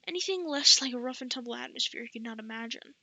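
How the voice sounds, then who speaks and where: A woman's voice: fairly high pitch, animated, fast, bright, forceful tone, no room sound, rough recording. A woman reading a novel aloud as an amateur audiobook narrator, often stumbling and restarting words. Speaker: audiobook reader.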